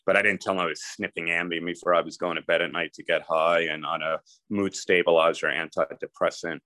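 A man's voice: low-pitched, steady tone, a little fast, bright, forceful tone, no echo. A middle-aged man telling his personal story candidly and conversationally as a podcast guest.

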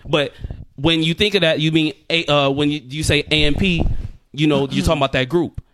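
A man's voice: on the high side, a little fast, slight background noise. Young man telling a story with a lot of swearing. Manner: animated, swearing storyteller acting out both sides. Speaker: podcast co-host. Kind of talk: casual storytelling chat.

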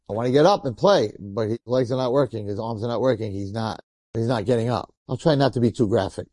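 A man, a rabbi, telling a story in a sermon in a lively, conversational way, acting out the people in it. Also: medium pitch, quick pace, no echo, clean studio sound. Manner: animated, conversational, acts out quotes.

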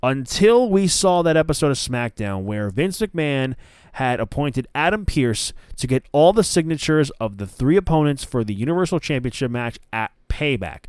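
Guy hosting a wrestling podcast, rambly and opinionated, smooth clear voice, no room echo. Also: medium pitch, animated, moderate pace, a little mellow, studio quality. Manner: opinionated, rambling with frequent self-corrections. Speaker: podcast host. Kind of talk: casual wrestling commentary podcast.

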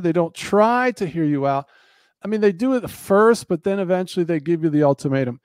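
A man with a high voice delivers an earnest monologue in a preacherly cadence. He repeats his key phrases for emphasis. The sound is dry and close. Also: expressive, moderate pace, a little mellow, smooth, no room sound. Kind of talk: impassioned monologue.

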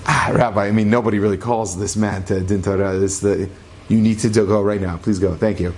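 A man's voice: on the low side, steady tone, fairly quick, a little mellow, a little hiss or hum, voice pushed down, lightly acted. A man voicing an anxious synagogue attendant who urges caution. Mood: urging. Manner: anxious, urging. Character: nervous synagogue attendant, middle-aged man.

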